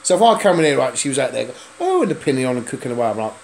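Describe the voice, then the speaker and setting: A man's voice: medium pitch, big pitch swings, very fast, vocal fry, a little mellow, a little hiss or hum. Man vlogging, loose and rambling, swearing in nearly every line, blunt everyday delivery. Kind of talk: casual vlog chat. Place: indoors in a house.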